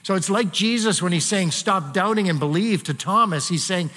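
A man's voice: high voice, moderate pace, few pauses, pushed and bright, big-room sound. A man preaching a sermon as pastor, talking in a conversational way with frequent fillers and asides to the congregation.

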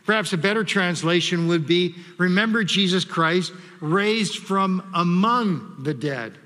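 High, bright-voiced male pastor preaching. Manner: measured preaching, reads scripture aloud, leads congregation call-and-response. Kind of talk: sermon. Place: church sanctuary. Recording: long hall reverb.

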